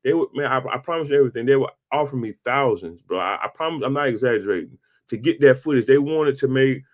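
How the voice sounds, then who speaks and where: A man in his forties hosting a casual interview, telling stories in a relaxed, slang-filled way. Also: mid-range voice, fast talker. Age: 40s. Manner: slangy storytelling, peppered with "bro" and "man". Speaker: podcast host.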